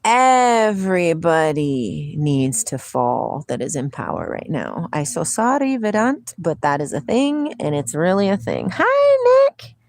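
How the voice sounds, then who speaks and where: A woman's voice: sits low, big pitch swings, measured pace, hardly any pauses, darkish tone. A middle-aged woman hosting a casual livestream, chatting, laughing often and reading spiritual passages aloud, outdoors near water. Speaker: livestream host.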